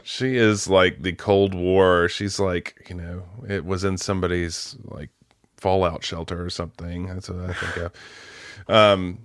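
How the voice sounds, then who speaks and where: Man, film club host, casual plot recap, chatty, fillers, lower pitch, dry close sound. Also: little pitch movement, measured pace, clear, resonant tone, dry recording. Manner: chatty, laughing asides, many fillers.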